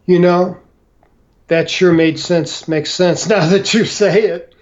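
An older man from Missouri telling a story in an interview, halting with many fillers and restarts. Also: high voice, steady tone, darkish tone, highs cut off. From St. Louis, Missouri. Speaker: interview guest.

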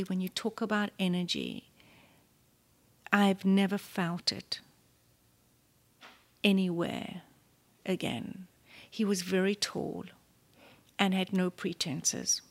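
A woman in her fifties from South Africa with a South African accent, a guest in an interview who tells her story with animation and often drops to a near-whisper. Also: mid-range voice.

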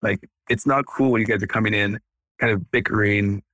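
Podcast guest: energetic dentist in his 30s, bright forceful voice, dry close sound. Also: on the low side, a little fast, no room sound. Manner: energetic, animated, acts out quotes. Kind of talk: casual podcast interview.

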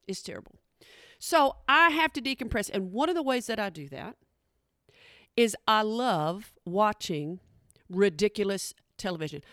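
A woman's voice: medium pitch, lively intonation, moderate pace, fairly bright tone, no room sound, studio quality. A woman doing a stand-up comedy routine, chatty and calling her audience y'all. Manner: chatty, addresses the crowd as y'all. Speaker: stand-up comic.

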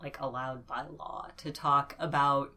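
Low-voiced woman, thoughtful linguist guest. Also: fairly even intonation, a little slow, pushed and bright. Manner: thoughtful, with many fillers and laughs. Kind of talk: podcast interview.

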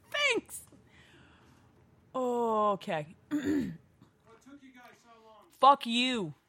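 Woman riffing on a movie, bright, snarky, lots of laughs. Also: medium pitch, very animated, moderate pace, slightly rough. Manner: swearing, snarky, laughs often. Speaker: movie commentator. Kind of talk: casual movie-watching chat.

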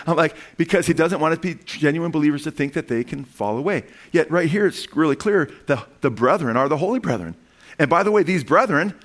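A male pastor preaching a sermon in a voice pitched somewhat high for a man. He reads scripture aloud, prompts the congregation with call-and-response questions, and breaks into animated asides. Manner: call-and-response, asking the congregation "amen?" and "what?".

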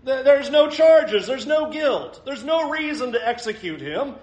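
A man's voice: extremely high pitch, lively intonation, measured pace, a little mellow, voice pushed up. A man voicing an exasperated, pleading male Roman governor who keeps asking incredulous questions. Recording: roomy echo.

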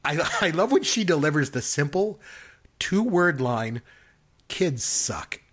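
A man's voice: fairly high pitch, very animated, measured pace, a bit bright. A man talking enthusiastically about a film in a casual discussion, laughing often and using many fillers.

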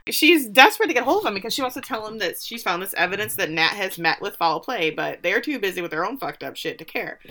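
Woman podcast co-host, bright and sharp-toned, sarcastic recapper. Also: mid-range voice, animated, fast, few pauses. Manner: laughing, sarcastic, mimics characters' lines. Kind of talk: casual episode recap with quoted lines.

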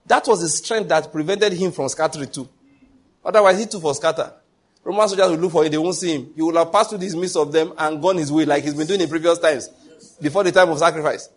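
Pastor, male, slightly high voice with a husky edge; preaches with emphatic rhetorical questions. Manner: emphatic, rhetorical questions, frequent pidgin asides. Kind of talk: sermon.

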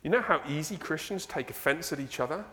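English pastor preaching, bouncy up and down delivery, kinda high voice, big echoey church. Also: male voice, fast talker. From England. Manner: animated, conversational preaching with rhetorical questions. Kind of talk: sermon. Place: church sanctuary.

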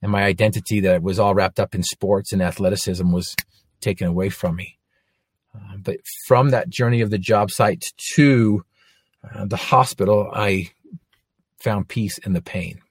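A man's voice: lowish voice, fairly even intonation, moderate pace, husky, no echo. A man in his forties giving an earnest faith testimony, telling his story with frequent restarts. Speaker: inspirational speaker.

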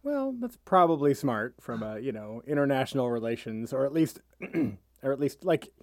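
A man's voice: mid-range voice, very animated, normal speed, darkish tone, no echo, clean studio sound. A man co-hosting a comedic podcast, answering the story with wry, sarcastic quips. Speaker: podcast co-host reacting. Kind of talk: casual comedic podcast chat.

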